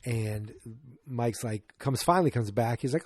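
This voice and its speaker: Mellow-voiced man recapping a sitcom. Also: medium pitch, unhurried, no echo, studio quality. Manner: rambling, excitable, frequent restarts. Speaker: podcast host. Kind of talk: casual episode recap.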